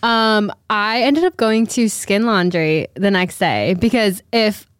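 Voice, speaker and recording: Young female co-host, mid-pitched, dry close mic, self-deprecating and giggly. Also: animated, takes it slowly, smooth, no room sound. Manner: laughing self-deprecating storyteller. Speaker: podcast co-host. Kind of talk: casual chat.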